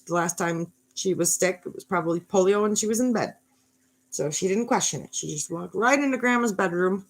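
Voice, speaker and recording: A woman in her thirties telling a fairy tale in a wry, rambling way, full of sarcastic asides. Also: fairly low pitch. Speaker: mother telling a bedtime story. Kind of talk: sarcastic storytelling.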